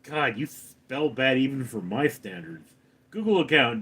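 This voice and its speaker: A man hosting a casual livestream, reading chat comments aloud and answering with deadpan, sarcastic replies. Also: mid-range voice, unhurried, breathy edge.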